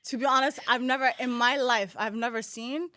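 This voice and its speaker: A woman's voice: a little high, a little fast. A young American woman chatting casually as a guest, telling stories with lots of restarts and "like". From United States. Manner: animated storytelling with many restarts and "like". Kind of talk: casual chat.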